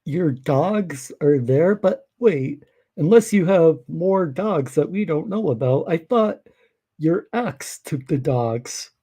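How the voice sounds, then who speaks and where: A man's voice: a little high, expressive, takes it slowly, warm tone, breathy edge. A man hosting a live reaction stream, making wry, sarcastic remarks. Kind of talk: casual live reaction commentary.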